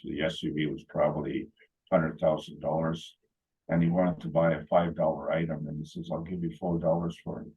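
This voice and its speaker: A man's voice: extremely low pitch, a little mellow, husky, dull audio. A man telling rambling, anecdotal stories at a meeting, with many fillers and restarts. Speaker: meeting speaker. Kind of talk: casual talk.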